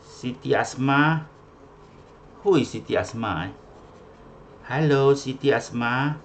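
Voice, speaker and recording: A man's voice: mid-range voice, takes it slowly, slight background noise. A man with a Malaysian English accent teaching an online class, mixing English and Malay, calling out names and often ending with a questioning "eh?". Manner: mixes English and Malay, repeats names, ends with "eh?". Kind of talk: online class roll call. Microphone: video call.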